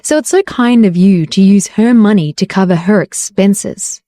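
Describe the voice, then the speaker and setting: An icy, arrogant young billionaire man speaks in calm, sarcastic tones, read by a woman. The voice is warm and mellow in timbre, recorded close and dry. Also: mid-range voice, normal speed, no echo, close to an everyday voice. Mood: cold sarcastic.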